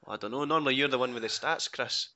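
A man's voice: medium pitch, quick pace, bright, forceful tone, lo-fi sound. A Scottish man hosting a casual podcast chat and teasing his co-hosts. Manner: teasing, runs the segment. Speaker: host.

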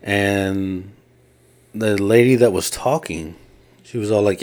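A man with a lowish, slightly mellow voice co-hosts a casual podcast, speaking slowly in a steady tone. He retells a story at length, voicing other people's lines himself.

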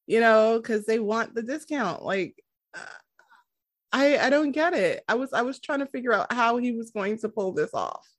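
A woman co-hosting a casual chat about a TV episode, animated and laughing as she retells scenes. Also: fairly high pitch, normal speed, no room sound. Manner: animated, laughing, acts out quotes from the show. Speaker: podcast co-host reviewing a TV episode.

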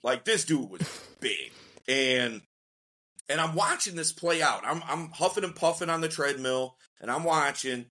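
A man, a dating coach on a podcast, telling a story in a casual, slangy way and acting out the quotes with lively energy. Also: a little high, unhurried. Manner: animated, slangy storyteller who acts out quotes.

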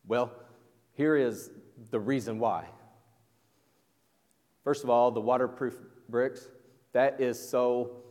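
A pastor with a lowish, slightly mellow voice preaches a sermon conversationally, restarting sentences and putting questions to his listeners. The recording carries the long echo of a large hall.

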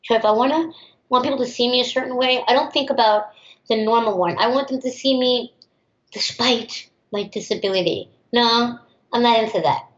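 An emphatic young woman from the United States, a teacher, answering interview questions in a fairly high voice. She talks with conviction and speaks up plainly. The recording is roomy and a little muffled. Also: normal speed. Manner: outspoken and emphatic, acts out others' voices. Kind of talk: interview answers, personal storytelling. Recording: roomy, slightly dull recording.

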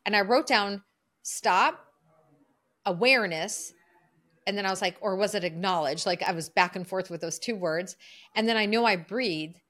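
Middle-aged woman, podcast guest, earnest storyteller, medium pitch. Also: moderate pace. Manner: lively, earnest storyteller who acts out her own inner voice.

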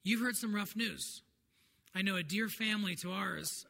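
A man's voice: high-pitched, normal speed, gravelly, pushed and bright. A man, a pastor, preaching a sermon to his congregation in an earnest, conversational way. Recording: long hall reverb, faint noise.

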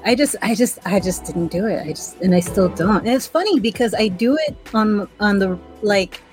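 A woman's voice: mid-range voice, lively intonation, moderate pace, a little mellow, faint music behind, rough recording. A woman player chatting on a podcast, rambling and self-deprecating, with many "like"s. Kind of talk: casual chat.

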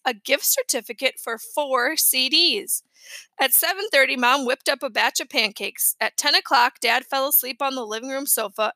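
A woman reading a children's chapter book aloud as narrator, with a lively storytelling delivery. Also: high voice, no echo.

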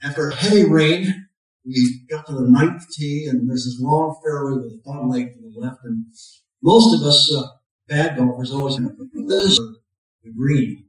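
A man's voice: mid-range voice, a little slow. A man preaching a sermon, telling stories with folksy, self-mocking humor and pushing up his voice on the punch lines. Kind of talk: sermon with storytelling. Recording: very echoey, from a distant mic.

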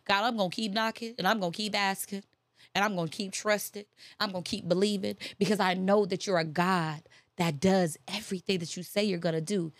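A woman delivers a faith-based motivational talk straight to her listeners. She is emphatic, hammers her points home by repeating them, and lifts into preachy peaks. Her voice sits at a middle pitch, and the recording is dry and close. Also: fairly even intonation, a little fast, no echo. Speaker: motivational speaker.

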